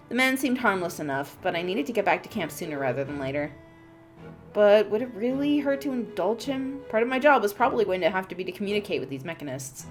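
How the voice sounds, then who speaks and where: A woman hosting a let's play, reading a visual novel's narration aloud in an expressive storytelling manner. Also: mid-range voice, quick pace, soft background music.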